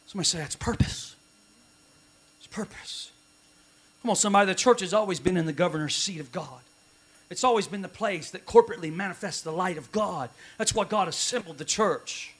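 Pastor preaching a lively sermon. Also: male voice, high-pitched, fast talker. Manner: preaching with call-and-response and humorous asides. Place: church sanctuary.

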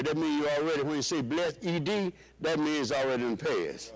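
A man's voice: lively intonation, fairly quick, gravelly, low-quality recording. A man preaching a sermon to his church, calling out questions for the congregation to answer. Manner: call-and-response preaching, rising and dropping pitch.

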